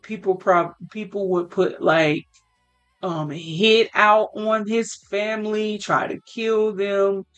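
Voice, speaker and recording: Slow rambling woman narrating a game. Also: medium pitch, fairly even intonation, clear, resonant tone, soft background music. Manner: rambling, casual, swears and uses fillers. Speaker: let's play creator.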